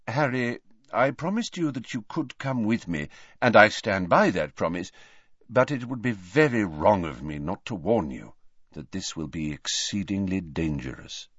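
A man reading an audiobook, voicing an old headmaster wizard who speaks in a quiet, measured, patient way, recorded dry and slightly muffled. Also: fairly low pitch, animated, breathy edge, no room sound, exaggerated voice. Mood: grave, careful. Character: old male headmaster wizard, calm, grave and gentle.

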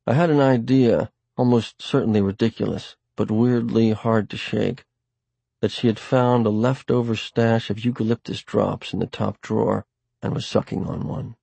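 A man reading a first-person novel aloud in a wry, dry, deliberate way. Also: fairly low pitch, fairly even intonation, vocal fry, dark tone, slightly rough, dry recording. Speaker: audiobook narrator. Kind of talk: first-person audiobook narration.

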